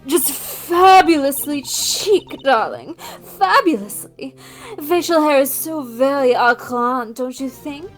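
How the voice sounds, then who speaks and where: A woman's voice: sits high, expressive, slow, pitched above the performer's own voice. A woman voicing a flamboyant, theatrical female prison warden with a drawling, affected manner. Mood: gushing. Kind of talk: reading a visual novel aloud.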